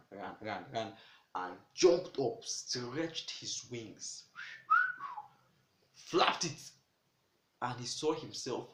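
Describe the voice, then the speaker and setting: Animated male storyteller in an echoey room. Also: mid-range voice, slight background noise. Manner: animated, exclamatory, chatty asides. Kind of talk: casual storytelling.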